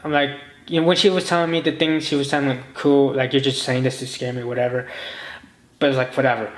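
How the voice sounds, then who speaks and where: A man's voice: medium pitch, fairly even intonation, fast talker. Rambling man telling a story, echoey room. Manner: rambling, full of restarts and quoted inner speech. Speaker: podcast host. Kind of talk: rambling personal monologue.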